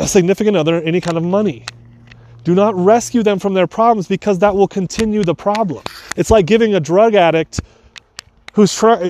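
A man's voice: sits high, a little mellow. A man coaching in a loose, rambling way, full of asides and restarts, giving relationship advice. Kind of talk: casual advice talk.

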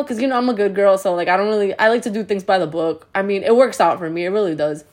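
A young woman from New Jersey telling a story in a chatty, animated way, with lots of "like". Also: mid-range voice, fast, few pauses. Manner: chatty, animated, heavy use of "like". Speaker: vlogger. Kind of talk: storytime vlog.

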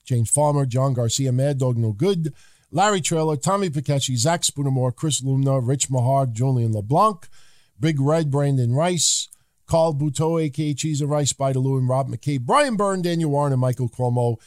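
A man co-hosting a podcast, reading listener names and giving calm, measured opinions in casual chat. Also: medium pitch, no room sound, studio quality. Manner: calm, measured, occasionally swearing. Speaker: co-host.

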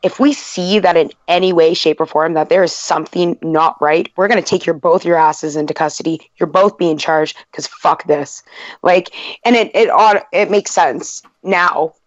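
A woman's voice: fairly low pitch, moderate pace, dry recording, muffled recording. A woman in casual podcast chat, telling a story frankly and swearing freely.

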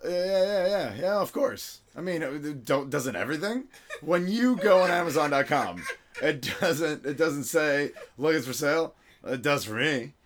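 A man's voice: a little high, lively intonation, moderate pace, crowd noise. A man from Venezuela hosting a podcast, chatting casually in a rambling, giggly way with lots of fillers. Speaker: podcast host. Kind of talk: casual chat.

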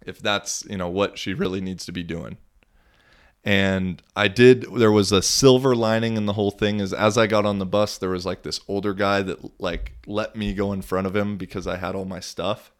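Tired, laid-back deep-voiced man. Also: steady tone, normal speed. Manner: laid-back, rambling, swears casually. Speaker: podcast host. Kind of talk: casual solo podcast storytelling.

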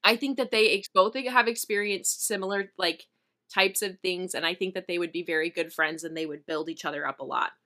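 A woman's voice: lowish voice, fairly even intonation, a little fast, sharp tone. A woman co-hosting a book podcast, retelling scenes casually and animatedly with lots of fillers. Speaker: podcast co-host.

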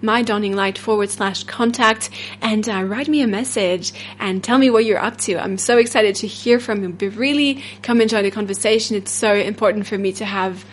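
A woman's voice: medium pitch, normal speed. A woman with a French accent hosting a solo podcast as a self-love coach, rambling and upbeat with frequent fillers and laughs.

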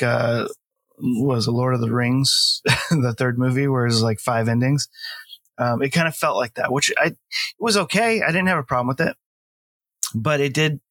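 A man's voice: mid-range voice, fairly bright tone, no echo. A middle-aged man chatting casually about a film, rambling with lots of fillers and laughing often. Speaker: podcast co-host. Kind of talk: casual film review chat.

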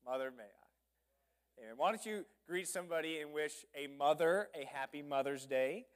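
A man's voice: fairly high pitch, a little fast. A male pastor preaching a sermon, reading scripture and adding humorous, conversational asides.

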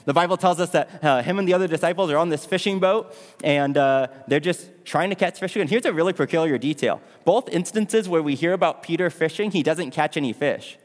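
A man's voice: on the high side, brisk. A male pastor telling a story in a sermon, asking his audience questions along the way. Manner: dramatic, asks the audience questions. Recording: long hall reverb.

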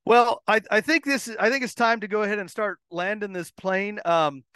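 A man hosts the interview in a chatty, teasing way, hesitating with fillers. His voice is high and bright, heard crisp and dry with no room echo. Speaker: podcast host. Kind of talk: casual interview chat.

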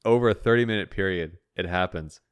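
A man's voice: deep voice, fast, smooth, no echo, muffled recording. A man co-hosting a podcast in casual chat. He laughs often and acts out the voices in his own head. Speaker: podcast co-host.

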